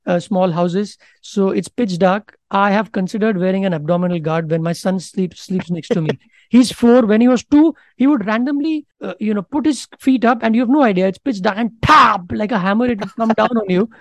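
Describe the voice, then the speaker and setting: A man's voice: sits high, a little fast, a little mellow, no echo. A man in his thirties with an Indian accent, chatting casually and animatedly on a podcast, laughing often and slipping into Hindi. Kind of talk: casual chat.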